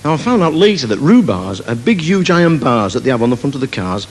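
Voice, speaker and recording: Animated Mancunian comedian on stage. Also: male voice, mid-range voice, fast talker. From Manchester, England. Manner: animated, jokey, telling anecdotes with put-on voices. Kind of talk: live stand-up storytelling. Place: large theatre stage. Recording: live theatre recording, faint hiss. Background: audience laughter.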